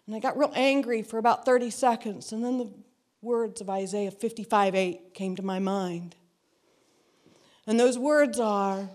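A woman's voice: mid-range voice, measured pace, a little mellow. A woman giving a personal testimony to a church, earnest and reflective, repeating phrases for emphasis. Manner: acts out quoted dialogue in her story.

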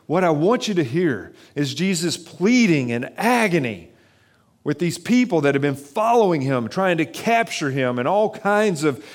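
A man preaching a sermon as a pastor, earnest and pleading, often restarting phrases and dropping softer for reflective questions. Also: a little high.

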